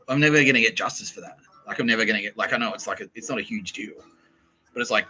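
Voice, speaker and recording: He's an Australian podcast host on the low side who talks fast, swearing freely as he spins a comedy tale and performs everyone's quoted lines. The recording is rough.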